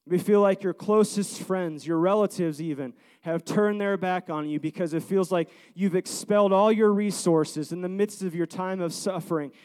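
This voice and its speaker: A man's voice: high-pitched, normal speed, few pauses, a little mellow. A man in his thirties preaching a sermon, earnest and repetitive, building to fervent pleas. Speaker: pastor.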